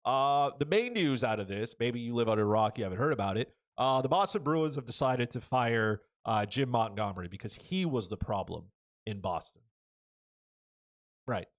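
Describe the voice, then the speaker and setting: Male podcast host, mid-pitch, blunt and opinionated sports talk, keeps checking in with "right?". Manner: blunt, frequent "right?" and "okay?" tags.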